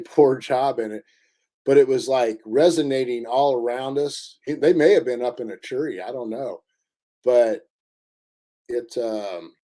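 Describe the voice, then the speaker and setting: A man telling a story in a casual interview, halting often with fillers and restarts. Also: medium pitch, mellow. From Indiana. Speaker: interview guest.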